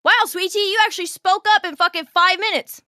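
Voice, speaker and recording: A woman's voice: very high voice, steady tone, fast talker, sharp tone, no room sound, studio quality. A woman arguing defensively and insistently on a casual livestream.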